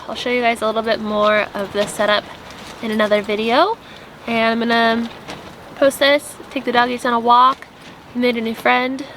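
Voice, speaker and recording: A woman's voice: on the high side, background noise. A young woman vlogging casually from a tent at a campsite, earnest and rambling, full of "like" fillers. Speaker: vlogger and app founder. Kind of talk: casual spiritual vlog chat.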